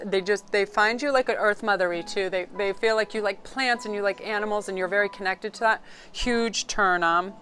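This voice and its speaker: A middle-aged woman doing a casual tarot reading to camera, talking in an excitable, rambling, chatty way. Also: mid-range voice. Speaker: tarot card reader.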